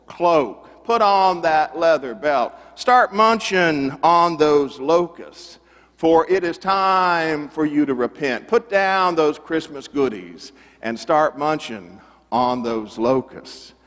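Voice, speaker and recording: A man voicing a stern male desert prophet who commands listeners to repent, loud and drawn out. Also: a little high, animated, slow, big-room sound.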